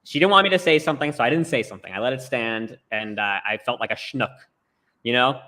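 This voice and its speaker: A man's voice: mid-range voice, fast talker, pushed and bright. A man rambling through a story in casual chat over a remote call, with lots of "like" fillers. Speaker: storyteller on a talk show. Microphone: remote video call.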